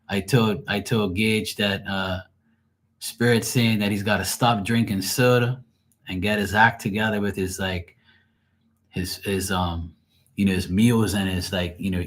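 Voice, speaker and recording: A man with a lowish voice hosts a tarot reading livestream. He chats in a loose, profane way, jokes with his viewers, and laughs often. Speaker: tarot reader. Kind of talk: casual livestream chat.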